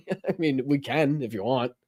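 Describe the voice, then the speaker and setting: A man's voice: mid-range voice, moderate pace, a little mellow, husky, no room sound, clean studio sound. A man with a Boston accent hosting a live politics stream, chatting casually, swearing and laughing often as he rambles. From Massachusetts, USA.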